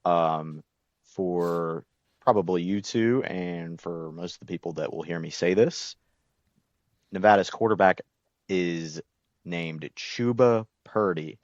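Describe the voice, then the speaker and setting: A man with a very deep, low voice co-hosting a podcast, laying out a game preview in a measured, steady way. His recording is dry and slightly dull, like a lo-fi mic. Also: dry recording. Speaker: podcast co-host. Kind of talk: sports betting preview.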